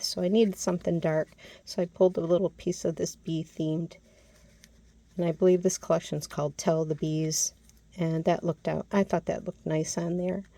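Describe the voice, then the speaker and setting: In a warm, lowish voice with no echo, a woman casually walks through her handmade mini album, a craft project she made herself. She's talkative and often misplaces a word before correcting it.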